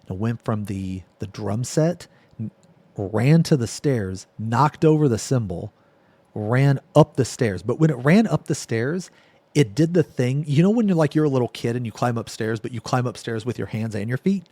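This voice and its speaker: A man streaming live, telling a rambling, profane story in a casual way that drops to a near-whisper and then gets loud. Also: mid-range voice, animated, moderate pace, dry recording.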